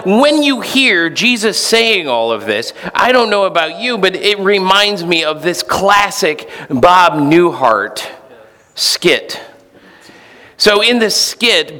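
A male pastor talks through his sermon in a relaxed, storytelling tone, slightly high for a man. His voice carries a long reverb from the hall. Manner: conversational, storytelling, with fillers.

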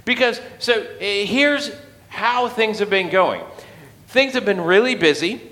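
A man's voice: sits high, animated, unhurried, pushed and bright, in a large hall. A man giving a casual sermon, telling the story conversationally with playful acted quotes. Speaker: pastor.

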